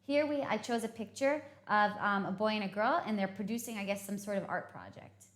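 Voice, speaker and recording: In an echoey room, a woman from the United States teaches English vocabulary, her medium-pitched voice moving a little fast. She's patient in her explanations and often pauses to ask "okay?"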